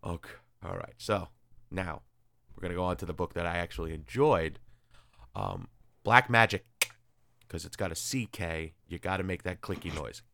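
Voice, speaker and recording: A man's voice: deep voice, lively intonation, moderate pace, vocal fry, dry recording. Man, host, casual chat, sarcastic, crude asides, dry close sound. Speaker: podcast host reviewing comics.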